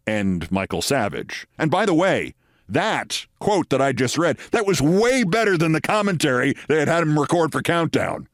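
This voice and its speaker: A man's voice: on the high side, very animated, moderate pace, dry recording, studio quality. A male podcast host delivering scripted commentary in a sardonic, emphatic way.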